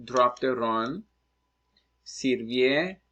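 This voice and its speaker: A man teaching Spanish, working through practice exercises out loud and thinking aloud as he writes. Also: medium pitch, lo-fi sound. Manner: slow, patient, thinking aloud while writing. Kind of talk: screen-recorded lesson, working through exercises.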